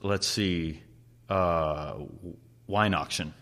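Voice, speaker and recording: Man, low voice, casual chat host, swears a lot, laughs while talking. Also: steady tone, extremely slow, fairly bright tone. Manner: swears freely, laughs while telling stories. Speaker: podcast host.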